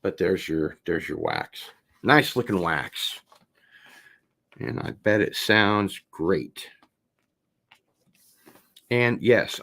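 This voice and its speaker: Low raspy-fry guy unboxing stuff, talks real slow, rambly and chill. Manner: relaxed, rambling, enthusiastic about records. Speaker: host. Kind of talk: casual unboxing chat.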